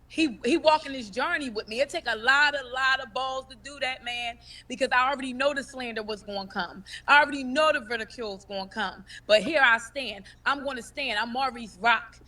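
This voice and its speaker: The mother of the deceased, grieving, sounds far off since she's seated away from her phone's mic during the livestream. Her voice is high and bright, and her emotional testimony is emphatic and impassioned, with words repeated for force.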